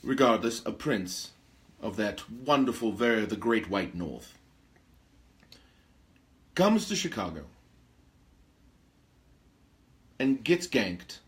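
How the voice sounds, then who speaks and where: A man's voice: on the low side, very animated, slow, pauses often, fairly bright tone, heavily acted. A man playing a pompous, theatrical aristocratic male vampire lord who hosts a talk show, with grandiloquent speech and gossipy asides. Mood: scandalized. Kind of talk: in-character role-play talk show.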